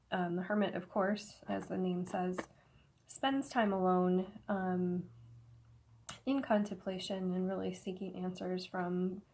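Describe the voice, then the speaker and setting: A woman giving a casual tarot reading, slightly hoarse, with halting speech full of fillers and soft laughs, in an indoor room. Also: on the low side, slight background noise. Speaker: tarot reader. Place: indoor room with incense smoke.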